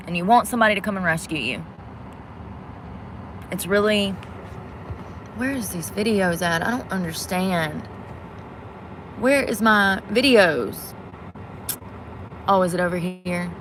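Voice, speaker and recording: A woman vlogs casually to her viewers in a bright, forceful, medium-pitched voice, with a slight hiss or hum in the audio. She grows frustrated searching for a video on a device, muttering and swearing quietly as she fiddles with it.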